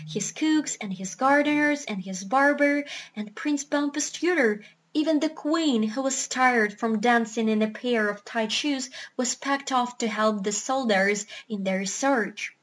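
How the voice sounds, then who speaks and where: A woman's voice: fairly high pitch, a little slow, few pauses. Woman reading a children's story. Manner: steady, expressive storytelling. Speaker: narrator. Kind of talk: reading a children's book aloud.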